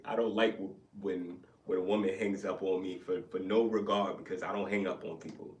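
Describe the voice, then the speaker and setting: Animated storytelling man, echoey room. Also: low-pitched, normal speed, distant mic, a little hiss or hum. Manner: animated, profane, acts out both sides of arguments. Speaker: podcast co-host. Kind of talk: casual storytelling chat.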